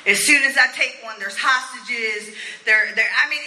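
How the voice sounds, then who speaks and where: A woman's voice: high-pitched, normal speed, pushed and bright, slight background noise. A middle-aged woman telling her story at a recovery meeting, blunt, profane and often laughing. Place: meeting room with an audience. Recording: roomy echo of a meeting room.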